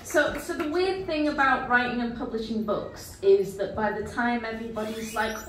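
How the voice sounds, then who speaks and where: A woman's voice: on the high side, normal speed, hardly any pauses, slight background noise. A woman poet reading her poems aloud at a book launch in a pub venue, wry and breaking into laughs. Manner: wry, laughs between lines. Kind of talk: poetry reading. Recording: very echoey room, mic far off.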